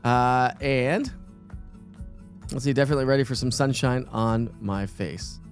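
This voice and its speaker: A man's voice: medium pitch, measured pace, soft background music. A middle-aged man, hosting a casual morning weather show in a chatty, rambling way with lots of fillers. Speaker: TV weather forecaster.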